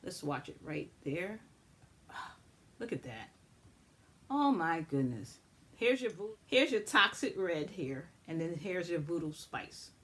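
A woman chatting casually and excitedly to viewers as she shows and swatches makeup finds. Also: on the low side, slow pace. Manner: chatty, excitable, addresses viewers as y'all and guys. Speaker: beauty vlogger. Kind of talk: casual makeup haul review.

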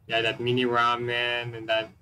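A man giving excitable let's-play commentary, swearing constantly and joking about the characters on screen. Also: medium pitch, moderate pace, rough recording. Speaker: gameplay commentator.

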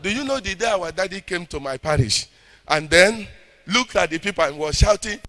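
Nigerian pastor guy preaching, high voice, goes from shouting to low and intense, keeps calling for amens. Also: lively intonation, moderate pace. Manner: fervent, swings between loud shouting and low intense speech, calls for audience response. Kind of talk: sermon.

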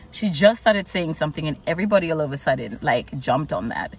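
A woman's voice: low-pitched, lively intonation, normal speed, slightly rough, recorded from a distance. A woman vlogger casually recounting her week, exasperated and chatty, full of "like"s. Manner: chatty, exasperated retelling with many "like"s. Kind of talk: casual storytelling vlog.

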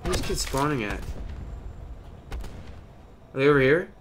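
Excitable, animated male gameplay commentator. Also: on the high side, unhurried, a little hiss or hum. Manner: excitable, loud outbursts, goofy banter. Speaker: gaming channel host. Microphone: webcam or desk mic.

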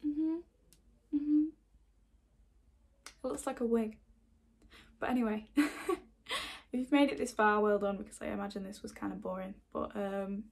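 A chatty woman with a slightly high voice talks casually to camera as a vlogger. She laughs a lot, swears freely, and now and then drops into a whispered aside. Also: vocal fry, slightly rough. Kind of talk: casual chat.

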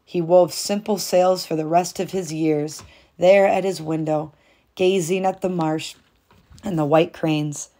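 A woman reading a storybook aloud in calm, measured narration. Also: on the low side. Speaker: storybook reader.

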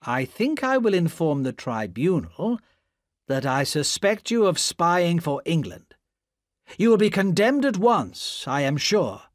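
A man doing a calm, smooth-talking Englishman. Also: a little high, measured pace, no room sound, clean studio sound, pitched above the performer's own voice. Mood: cold. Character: calm, cool-headed Englishman.

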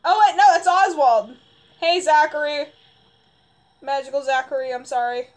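A young woman commenting on her gameplay, panicking and yelling, her voice strained hoarse from screaming. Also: high voice, normal speed. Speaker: gamer.

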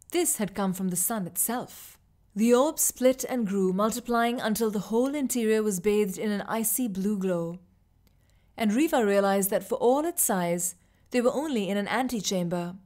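A woman narrating a short story in a measured, expressive reading. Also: mid-range voice. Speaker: reader. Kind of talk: scripted narration.

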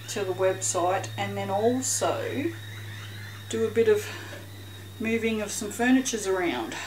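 A woman's voice: mid-range voice, a little hiss or hum, poor audio. A woman talking casually in a rambling, self-mocking way while making soap for her channel, with a bit of light swearing. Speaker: soap maker vlogger. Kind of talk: casual chatty vlog.

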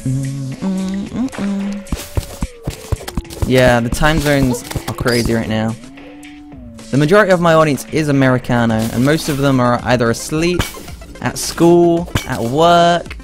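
A man's voice: mid-range voice, moderate pace. Chatty young man streaming a game. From Britain. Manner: chatty and playful, reading out chat messages. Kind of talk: casual live-stream commentary. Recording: game music playing behind the voice.

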